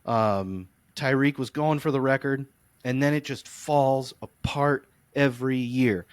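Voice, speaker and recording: A man co-hosting a podcast, telling long, animated, rambling stories in casual sports chat. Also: mid-range voice, unhurried, no echo. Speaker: podcast co-host. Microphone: close podcast mic.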